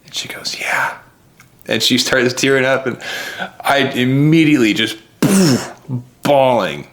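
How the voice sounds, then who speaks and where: A man's voice: medium pitch, animated, slow pace. A man giving a heartfelt, earnest recap of his race that sometimes chokes with emotion. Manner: earnest, heartfelt, voice choking up at times. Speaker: vlogger.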